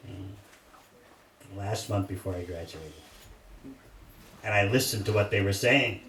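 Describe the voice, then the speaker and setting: An older man, a monk, giving an animated storytelling sermon in a temple hall, with listeners laughing. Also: fairly low pitch, a little slow. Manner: animated anecdotes, laughing audience. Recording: echoey hall, distant mic, faint hiss. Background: audience laughter.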